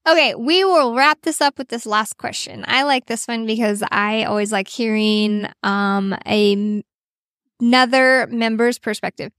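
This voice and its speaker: A woman in her thirties hosting a casual podcast chat, telling stories in an earnest, animated way. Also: fairly high pitch, a little slow, no room sound, clean studio sound. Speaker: podcast host.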